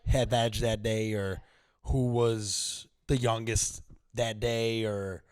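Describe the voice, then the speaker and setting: A man's voice: on the low side, level tone, takes it slowly, smooth. A young man co-hosting a podcast in casual chat, blunt and skeptical, swearing freely. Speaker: podcast co-host.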